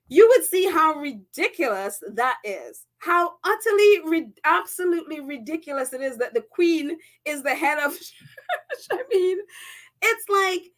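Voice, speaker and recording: A woman's voice: high voice, a bit bright. A woman hosting a casual live-stream chat, reading viewer comments aloud with indignant, exclaiming commentary. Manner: indignant, exclaiming, laughs often.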